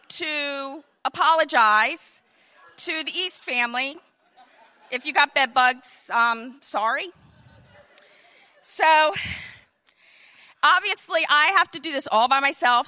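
A woman in her fifties with a high, bright voice tells a personal story, unhurried and animated. She spins the tale with comic asides and a storyteller's flair.

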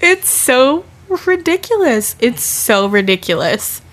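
Giggly young woman, slow casual talk. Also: fairly high pitch. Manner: giggly, retells conversations excitedly. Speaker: podcast co-host. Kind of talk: casual chat.

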